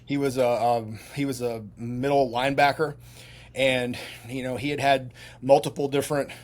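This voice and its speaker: Speaking at a normal speed with a flat delivery, this man has a mid-range voice. He is a middle-aged former soldier guesting on a podcast, spinning long, meandering casual stories that keep restarting and are padded with fillers.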